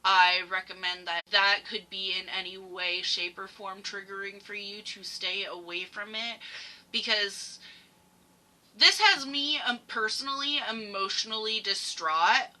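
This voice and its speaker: A woman's voice: medium pitch, fairly even intonation, measured pace, pushed and bright. A woman hosting a reaction video, giving emotional, rambling commentary with frequent swearing. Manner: heated, swears often, rambling.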